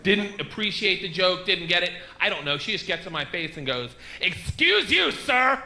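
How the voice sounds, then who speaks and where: A man performing a stand-up comedy set on a club stage, telling loud, rowdy stories with shouted bursts into a handheld mic. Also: sits high, fairly quick. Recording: noisy live club recording.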